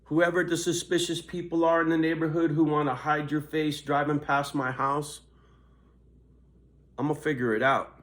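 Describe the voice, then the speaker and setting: A man's voice: a little high, level tone, moderate pace, a bit bright. An older man vlogging, cursing constantly in a riled-up, confrontational rant. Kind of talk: angry ranting vlog.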